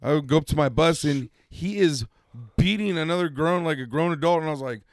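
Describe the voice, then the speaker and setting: A man's voice: on the high side, fairly quick, no echo. A man in his thirties in casual chat, laid-back and profane.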